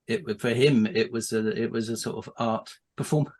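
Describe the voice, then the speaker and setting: Male podcast guest, mid pitch, rambling storyteller with restarts and laughing asides. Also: steady tone, moderate pace, darkish tone, husky. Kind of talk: casual anecdotal storytelling.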